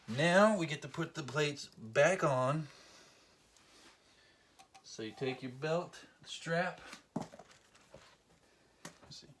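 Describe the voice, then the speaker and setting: Man, casual how-to vlog, joking, self-deprecating, talking while working, mid-pitched voice. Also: a bit bright, a little hiss or hum. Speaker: collector demonstrating belt cleaning.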